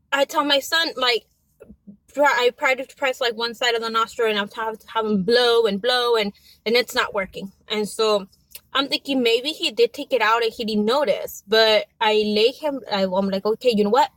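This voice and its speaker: A woman's voice: fairly high pitch, moderate pace, fairly bright tone, no echo, poor audio. A young mother telling a story in a chatty, exasperated, casual rant. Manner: chatty, exasperated, with quoted asides. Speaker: vlogger and mother.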